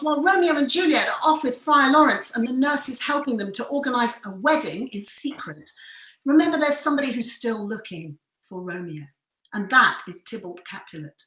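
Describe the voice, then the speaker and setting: A woman theatre director who leads a workshop and tells the story with enthusiasm and expressive examples. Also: a little high. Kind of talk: storytelling lesson. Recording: roomy echo.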